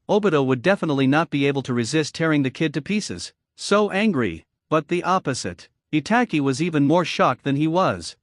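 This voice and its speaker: A young man narrates an anime story recap in a scripted, evenly paced delivery. His voice sits somewhat high for a man. The recording is dry and close, with no room sound. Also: no echo.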